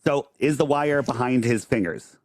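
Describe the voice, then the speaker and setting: A man's voice: medium pitch, moderate pace, darkish tone, no echo, studio quality. A man on a livestream debating a caller, insistent and repeating himself. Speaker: streamer arguing with a caller.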